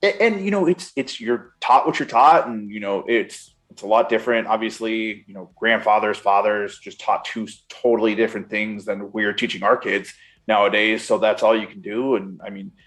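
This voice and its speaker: A man's voice: fairly low pitch, normal speed, fairly bright tone. A man hosting a podcast, chatting loosely with lots of fillers. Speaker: podcast host. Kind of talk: casual interview chat.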